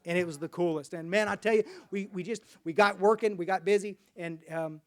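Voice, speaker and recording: A man's voice: high-pitched, fairly even intonation, fairly quick. A man from Dallas, Texas, telling his personal recovery story at a meeting in a folksy, rambling way with many restarts.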